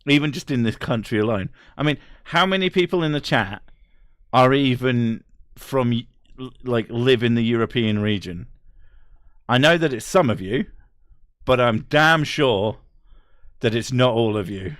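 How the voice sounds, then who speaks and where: A young man hosts a casual stream chat, his talk peppered with swearing and laughter. His voice sits mid-pitch and the sound is dry and close. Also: measured pace, a bit bright, dry recording.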